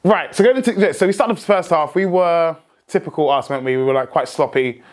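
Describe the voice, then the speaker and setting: A young man hosting a football fan vlog, talking excitedly with many restarts and outbursts. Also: a little high, fast. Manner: excitable, rambling, frequent restarts, shouts in joy. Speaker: football fan channel host.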